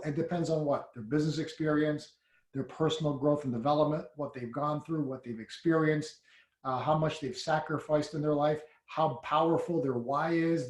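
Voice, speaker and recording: Brief: male business leader, chatty interview, lively and excitable, roomy echo on the sound. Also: on the high side. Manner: animated storyteller, laughs and gets loud when excited. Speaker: senior network marketing leader. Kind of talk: conversational interview.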